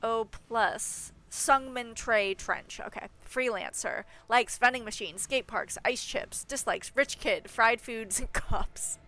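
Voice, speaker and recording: A woman's voice: on the high side, takes it slowly, few pauses, pushed and bright. A woman streaming herself reading a story game aloud, chatting and laughing at her own character voices. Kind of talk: livestream commentary while reading a game aloud.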